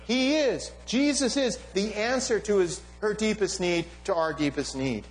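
A man's voice: high-pitched, a little slow, hardly any pauses, low-quality recording. A man preaching a sermon, emphatic and conversational, often asking his listeners "right?". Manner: animated, emphatic, with frequent "right?" asides. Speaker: pastor.

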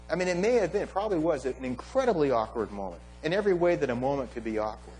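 A man's voice: a little high, rapid-fire, hardly any pauses, slight background noise, rough recording. A man preaching a sermon, emphatic and conversational, often asking his listeners "right?". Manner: animated, emphatic, with frequent "right?" asides. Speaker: pastor.

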